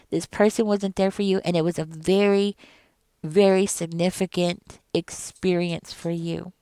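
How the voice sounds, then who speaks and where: A middle-aged woman giving a casual tarot reading to camera, emphatic and animated, speaking straight to the viewer. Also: medium pitch, smooth, dry recording. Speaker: tarot reader.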